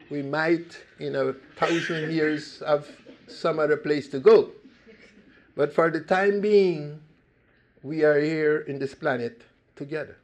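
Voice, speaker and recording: An older man from Costa Rica gives a talk in a gravelly, slightly high voice. His speech is earnest and emphatic, and it keeps swelling into loud, stressed phrases before it settles back down. He is addressing an audience that will ask questions afterwards. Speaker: speaker giving a talk.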